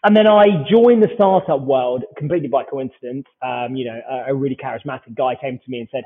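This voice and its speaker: A man's voice: medium pitch, a little fast, few pauses, husky. A British man in his forties, a startup founder, telling stories in a casual interview and acting out the dialogue as he goes. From United Kingdom. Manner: animated anecdotal storyteller who acts out dialogue. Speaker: startup founder, podcast guest. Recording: tinny phone-like line.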